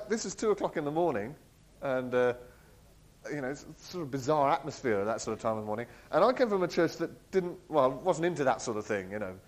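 Animated man telling a story. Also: medium pitch, poor audio. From England. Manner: animated, laughs often, acts out quoted voices. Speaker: speaker sharing a personal testimony. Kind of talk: storytelling talk.

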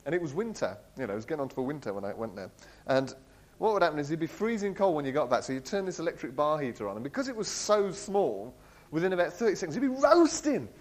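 A man telling a personal story in an animated way. He laughs often and acts out the voices of the people he quotes. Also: a little high, fast talker, poor audio. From England. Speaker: speaker sharing a personal testimony. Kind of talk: storytelling talk.

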